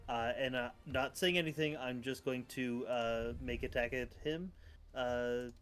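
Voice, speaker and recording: A man playing a tabletop game online, describing his turn haltingly with many fillers. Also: mid-range voice, steady tone, a bit bright, faint music behind. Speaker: player.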